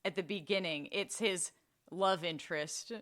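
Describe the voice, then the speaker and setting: A woman's voice: lowish voice, normal speed, a bit bright. A young adult woman co-hosting a podcast in casual chat, chatty and laughing often. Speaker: podcast co-host.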